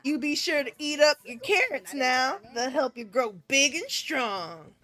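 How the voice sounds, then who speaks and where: A woman's voice: sits high, lively intonation, unhurried, sharp tone, soft background music, full character voice. A woman voicing a chatty, motherly middle-aged cafeteria woman with a homely, folksy drawl, read from a visual novel.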